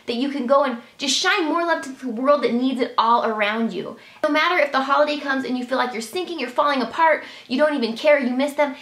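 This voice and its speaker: A woman's voice: high-pitched, fairly bright tone. Earnest woman in an echoey room. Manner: earnest, emotional, sincere. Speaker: beauty vlogger. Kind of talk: heartfelt personal talk to camera.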